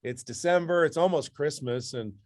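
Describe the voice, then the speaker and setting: A man who hosts sports radio, telling a story energetically as a podcast guest. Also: normal speed. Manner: energetic storyteller, jumps up in pitch for emphasis. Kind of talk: casual conversation, storytelling.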